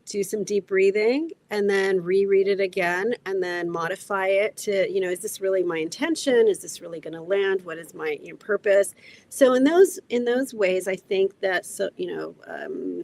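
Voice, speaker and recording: A woman therapist talking gently and thoughtfully in a casual podcast conversation, with frequent pauses and fillers. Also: medium pitch, creaky, a little hiss or hum. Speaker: therapist guest.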